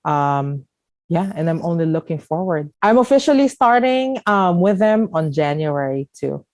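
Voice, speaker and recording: A woman's voice: fairly low pitch, very animated, normal speed, a little mellow, no echo. A young woman from the Philippines with a Filipino accent, talking openly and with feeling as a podcast guest. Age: young adult. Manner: emotional, laughing through tears. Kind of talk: conversational interview.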